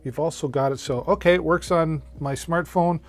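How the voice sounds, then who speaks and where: A man hosting a casual live-stream where he pitches deals, talking in a chatty, folksy way with plenty of fillers and restarts. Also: normal speed. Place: home streaming setup. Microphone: studio microphone on a mixer.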